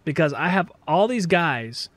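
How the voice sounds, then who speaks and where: A man's voice: on the high side, animated, a little slow, a bit bright, no echo. A man from the American South hosting a trade podcast in a casual, rambling, joking monologue. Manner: joking, rambling, self-deprecating. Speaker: podcast host.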